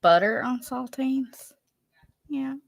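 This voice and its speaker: A woman's voice: high-pitched, slow pace, gravelly, no echo. A woman with a Southern Alabama accent, hosting a livestream and chatting casually as she reads viewer comments, playful and laughing at herself. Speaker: livestream host.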